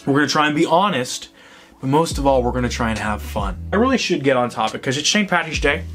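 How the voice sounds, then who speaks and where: A tired man hosting a movie ranking vlog, ranting in a profane, excitable, rambling way. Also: mid-range voice, fast, faint music behind. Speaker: host.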